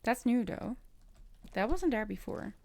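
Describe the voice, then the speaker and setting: A young woman streamer giving casual gameplay commentary, often in quiet, half-whispered asides. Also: a little high, very animated, measured pace, vocal fry.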